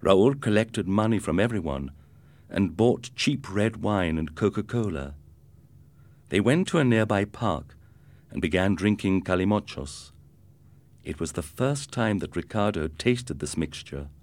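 A middle-aged man narrating a scripted story in a clear, steady way. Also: deep voice, a little slow.

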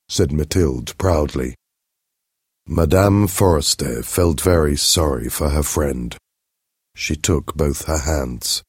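A man reading a story aloud in a slow, expressive way. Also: very deep voice, husky, no room sound, clean studio sound. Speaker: narrator. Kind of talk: scripted storybook narration.

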